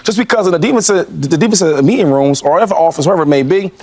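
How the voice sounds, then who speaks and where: A man's voice: high voice, very fast, darkish tone. A man on a sports debate show giving an emphatic opinion, repeating himself and addressing the listener directly.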